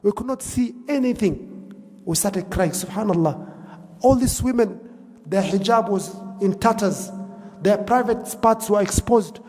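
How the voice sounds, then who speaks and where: High-voiced preacher telling a story in a hall. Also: male voice, measured pace, a little mellow. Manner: emotive storytelling, quoting figures in Arabic then English. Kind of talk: sermon storytelling.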